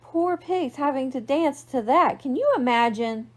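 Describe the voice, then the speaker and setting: A woman's voice: high voice, lively intonation, measured pace. A young woman librarian reading a picture book aloud to children, playful and asking them questions. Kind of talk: storytime read-aloud for kids.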